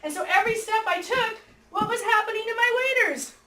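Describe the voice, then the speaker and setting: A woman teacher telling a story to her class with lively energy, acting out both sides and breaking into squeals and shouts. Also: very high-pitched, brisk. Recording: echoey room, mic far off, faint noise.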